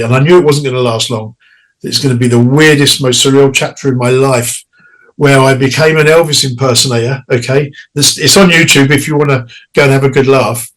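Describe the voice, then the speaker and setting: A man's voice: mid-range voice, rough recording. A middle-aged man, a singer guest in an interview, telling stories in a loose chatty way, laughing and slipping into quoted voices. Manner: chatty, laughing, restarts and quick quoted asides. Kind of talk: casual interview storytelling.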